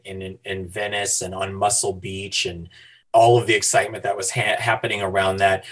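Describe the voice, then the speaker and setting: Male interviewer, husky low voice, casual rambling questions.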